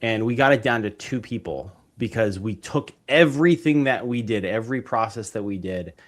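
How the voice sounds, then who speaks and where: A man's voice: lowish voice, moderate pace. A man, a podcast guest, talking through his business methods in an enthusiastic, rambling way, with many fillers and restarts. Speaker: podcast guest, real estate investor. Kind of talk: casual interview chat.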